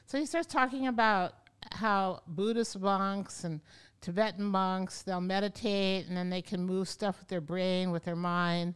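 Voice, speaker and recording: A woman yoga teacher telling stories as an interview guest, animated and acting out the voices of people she quotes. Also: medium pitch, clean tone. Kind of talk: storytelling in an interview. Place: podcast studio.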